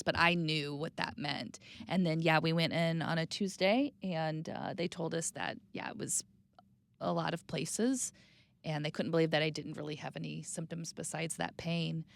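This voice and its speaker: A woman in her thirties speaking candidly and reflectively as an interview guest, sometimes dropping to a soft, quiet voice. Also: creaky. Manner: reflective, plainspoken, drops to a soft low voice on hard news.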